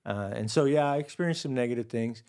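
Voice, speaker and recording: A man in his forties from Hawaii, a podcast guest telling stories in a relaxed, rambling way, full of "dude" and "you know.". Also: medium pitch, fast. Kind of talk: casual storytelling conversation.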